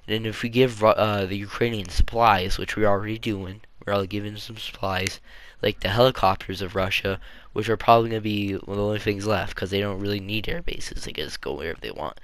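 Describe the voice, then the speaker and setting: A man's voice: lowish voice, fast, fairly bright tone, no room sound. A man giving a casual, rambling opinion monologue, offhand and full of fillers and restarts. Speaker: video creator.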